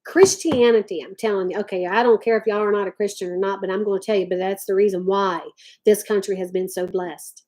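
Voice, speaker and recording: A woman's voice: mid-range voice, fairly even intonation, fairly quick, a little mellow, a little hiss or hum. A woman ranting to her viewers. She talks emphatically and drawls "y'all" often. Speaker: vlogger talking to live chat. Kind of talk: impassioned rant to viewers.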